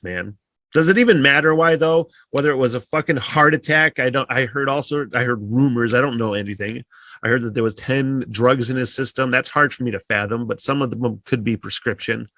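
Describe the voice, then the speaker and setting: A man's voice: medium pitch, sharp tone, dry recording. Sighing, swearing man on a podcast. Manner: rambling, heavy swearing, frequent sighs. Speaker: podcast host. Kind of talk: casual solo podcast monologue.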